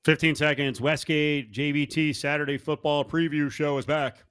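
A man's voice: on the high side, fairly even intonation, fairly bright tone, clear, resonant tone, no echo. A man hosting a sports radio show, joking with his guest and moving segments along. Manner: jokey, wraps segments quickly. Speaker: radio host.

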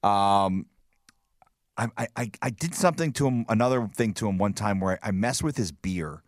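A man casually telling stories on a podcast, animated and stumbling over restarts, acting out quotes. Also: on the low side, normal speed, dry recording, clean studio sound. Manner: animated storyteller, many restarts, acts out quotes. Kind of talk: casual chat, storytelling.

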